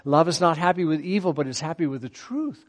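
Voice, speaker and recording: A long reverb tail trails this middle-aged man's fairly high voice as he preaches a little fast. His sermon is animated and conversational, and he often poses questions to the listeners.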